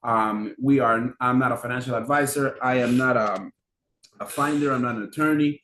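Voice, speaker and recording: A man giving a casual, animated business funding lesson, firing rhetorical questions and restarting his sentences often. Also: medium pitch, moderate pace, a little hiss or hum. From New York. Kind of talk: casual teaching monologue. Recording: echoey room, mic at a distance.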